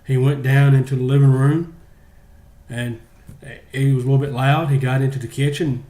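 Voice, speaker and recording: Halting man telling a long joke. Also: medium pitch, little pitch movement, mellow, reverberant. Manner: drawn-out, halting, with many fillers. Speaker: joke teller. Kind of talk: rambling spoken joke.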